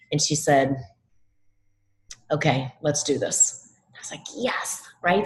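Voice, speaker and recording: A middle-aged woman with a low voice gives a motivational talk to teachers. She tells classroom stories with energy and acts out what her students say. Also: a little hiss or hum, low-quality recording. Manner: animated storytelling, acts out quoted students. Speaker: education speaker.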